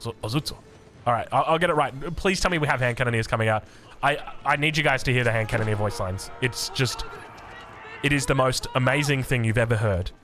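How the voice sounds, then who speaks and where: An Australian man giving energetic, jokey commentary on a strategy game match. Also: medium pitch, fast. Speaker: game caster. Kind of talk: excited esports commentary.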